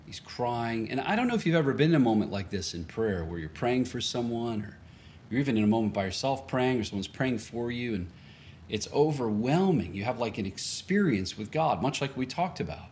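A man preaching from the pulpit, his pitch rising and falling in lively swings around a mid-range voice. He talks in a casual, conversational way, often restarting sentences and chuckling as he tells a story to the congregation. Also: a little hiss or hum. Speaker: pastor. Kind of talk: storytelling sermon.

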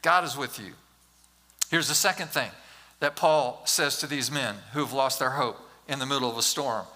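Bright-voiced pastor preaching in a reverberant hall. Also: male voice, medium pitch, normal speed. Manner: animated, acts out Bible scenes with humor; talks directly to the congregation. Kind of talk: sermon.

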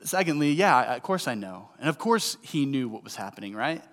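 A man's voice: medium pitch, sing-song, a little fast, fairly bright tone. Man preaching in a reverberant hall. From St. Louis, USA. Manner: conversational storytelling, rising emphasis on key lines. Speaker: pastor. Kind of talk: sermon.

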